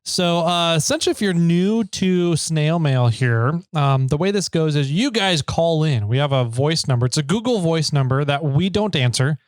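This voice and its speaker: A man's voice: on the high side, expressive, normal speed, hardly any pauses, no echo, clean studio sound. A man co-hosting a casual podcast, chatty and joking as he introduces listener voicemails. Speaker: podcast co-host.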